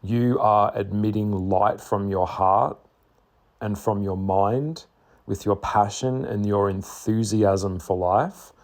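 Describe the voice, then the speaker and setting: A man talking bluntly to camera in a casual monologue, swearing freely and stressing his points with slow, repeated words. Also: fairly low pitch, darkish tone. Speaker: spiritual vlogger.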